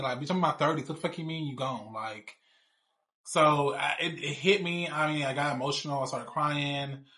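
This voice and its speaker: A man in his thirties, a cast member on a show, tells a personal story in a casual, blunt, rambling way, swearing plenty. His voice is medium-pitched with a sharp tone.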